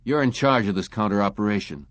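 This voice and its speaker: A man's voice: on the low side, quick pace, no echo, close to an everyday voice. A man doing a harsh, grating drugged clerk. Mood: hostile. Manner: grating, drawling hostility.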